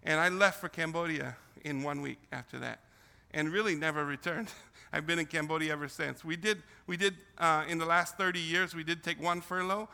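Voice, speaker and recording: A man's voice: on the high side, fairly even intonation, fairly quick, gravelly, bright, forceful tone, clean tone. An older man who grew up in the Philippines tells students about his missionary calling, speaking emotionally and often repeating and restarting his phrases. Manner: emotional, repetitive storytelling with restarts. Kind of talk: testimony talk to students. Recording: long hall reverb.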